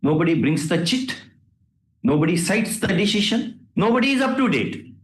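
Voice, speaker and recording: A man's voice: high-pitched, very animated, moderate pace. A man with an Indian English accent speaking from the bench as a judge, lecturing and scolding the lawyers with rhetorical questions. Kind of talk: courtroom remarks from the bench. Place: courtroom. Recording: roomy courtroom sound.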